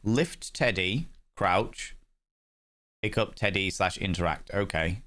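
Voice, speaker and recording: A man's voice: low voice, slow pace, sharp tone. A man streaming a game, chatty and rambling while he sets up settings. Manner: chatty, rambling and self-mocking. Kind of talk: casual live-stream commentary.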